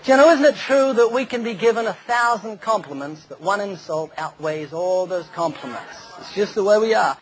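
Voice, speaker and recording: A man's voice: sits high, lively intonation, moderate pace, hardly any pauses, poor audio. A man preaching a humorous sermon, telling stories and acting out the quoted voices of others. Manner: jokey, storytelling, acts out quoted voices.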